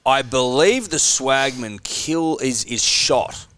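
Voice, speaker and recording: A man in casual podcast chat, speaking dry and deadpan. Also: medium pitch, slow pace, clean tone, no room sound. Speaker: podcast co-host.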